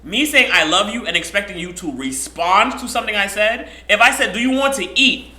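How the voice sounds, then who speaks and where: Man, high voice, very bright, lively, insistent, roomy echo. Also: a little fast. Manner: insistent, argues back. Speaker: podcast co-host. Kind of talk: casual debate among friends.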